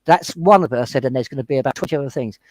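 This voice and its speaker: A man on a panel discussion, talking fast and heatedly as he retells his own run-ins in casual chat. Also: mid-range voice, no echo. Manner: heated, retelling confrontations with quoted exchanges. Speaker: panel guest.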